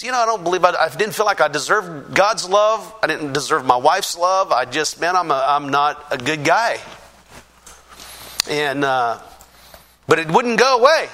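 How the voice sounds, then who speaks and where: Guy telling his testimony, earnest, halting, keeps restarting, gets fervent, bright edgy voice. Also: fairly high pitch. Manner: grows fervent and emphatic. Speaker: speaker giving a personal testimony. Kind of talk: personal testimony, storytelling.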